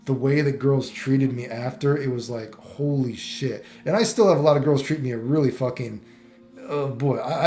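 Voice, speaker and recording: A man's voice: medium pitch, mellow, reverberant. A man vlogging casual commentary, rambling and swearing, full of fillers and restarts.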